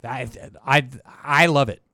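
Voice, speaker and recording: A young man co-hosting a casual film podcast, enthusiastic and animated, dropping to mumbled asides and then jumping into excited, high bursts. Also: a little slow, no room sound, clean studio sound. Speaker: podcast co-host. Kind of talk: casual film review chat.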